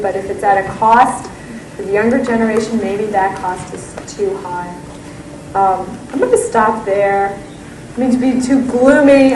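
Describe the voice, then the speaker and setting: A woman's voice: medium pitch, distant mic, background noise. A woman author giving a lecture and answering questions, telling stories with enthusiasm. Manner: enthusiastic, animated storytelling. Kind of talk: public talk and Q and A. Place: lecture room. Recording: echoey hall, voice from afar.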